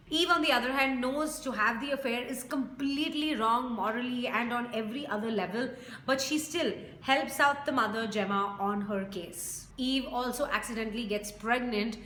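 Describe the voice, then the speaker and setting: A woman's voice: a little high, pushed and bright. A woman reviewing a TV series in a casual, enthusiastic, chatty video review. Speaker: TV reviewer vlogger. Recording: echoey room with faint noise.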